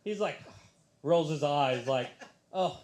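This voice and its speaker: A man doing stand-up into a handheld mic on a small bar stage, his voice sitting a little high for a man. He tells his stories in an animated way and leaps up into excited, squeaky tones whenever he quotes someone. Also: moderate pace, reverberant. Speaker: stand-up comedian. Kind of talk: stand-up comedy set. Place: comedy bar stage with audience.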